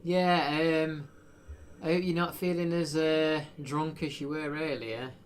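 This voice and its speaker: A man's voice: fairly high pitch, fairly even intonation, slow pace, a little hiss or hum. A man chatting casually while live streaming a video game, rambling with lots of fillers. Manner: rambling, self-deprecating, frequent fillers.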